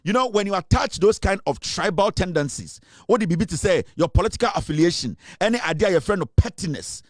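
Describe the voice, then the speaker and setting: A man with a Ghanaian accent giving a forceful political commentary monologue, switching between English and Twi. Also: high voice, lively intonation, quick pace, dry recording, studio quality.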